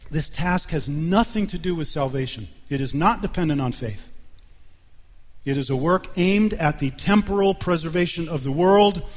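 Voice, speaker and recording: Man, pastor, sermon, slightly high voice, emphatic, deliberate pauses, church hall reverb. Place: church sanctuary.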